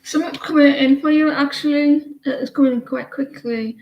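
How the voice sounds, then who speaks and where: A woman's voice: high-pitched, fairly even intonation, normal speed, a little mellow, muffled recording. A woman giving a casual livestream tarot reading, rambling and chatty as she talks to viewers by name. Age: adult with a daughter. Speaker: tarot reader.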